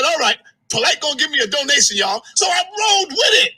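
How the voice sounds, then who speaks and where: A man in an angry livestream rant who shouts, curses and swings his pitch sharply. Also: very animated, brisk, poor audio. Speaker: live streamer.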